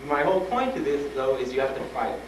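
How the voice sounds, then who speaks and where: A man speaking to students, telling a personal story with animated retellings and frank urging. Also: mid-range voice, fast talker. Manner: animated, acts out dialogue, laughs often. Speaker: guest speaker at a school. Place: school hall with an audience. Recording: roomy old tape from a distant mic, noisy.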